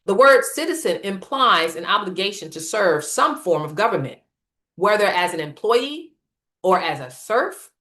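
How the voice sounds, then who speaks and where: A woman presenting a scripted political lecture in a measured, emphatic reading style. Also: medium pitch, big pitch swings, fairly bright tone. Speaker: series presenter.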